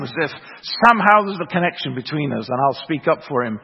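Gravelly preacher in a reverberant hall. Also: male voice, fairly high pitch, expressive, quick pace, few pauses. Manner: wry, self-deprecating storyteller building to earnest proclamation. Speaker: preacher, former theological college principal. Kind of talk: sermon with humorous anecdote. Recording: reverberant hall, slightly muffled sound.

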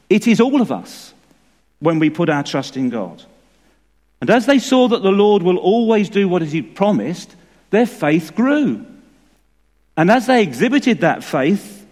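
A man preaching a sermon in a church, measured and emphatic. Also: on the high side, a little mellow. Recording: long reverb of a church hall.

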